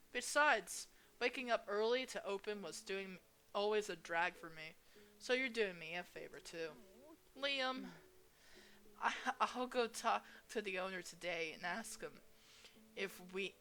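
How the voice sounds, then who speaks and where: Bright-voiced woman reading a visual novel. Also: medium pitch. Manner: expressive, reads each character's lines with shifting energy. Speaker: gaming channel host.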